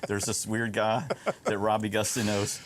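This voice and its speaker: A man talking as a musician guest in an interview, relaxed and chuckling easily. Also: fairly low pitch, moderate pace, noisy background. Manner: easygoing, chuckling replies. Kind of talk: casual conversation.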